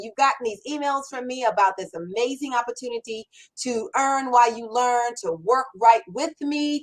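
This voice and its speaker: An upbeat middle-aged woman hosts a live-streamed Q&A, speaking fairly high. She talks with bubbly energy, stacking repeated words for emphasis and sounding excited. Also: rough recording. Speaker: host. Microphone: camera mic on a livestream.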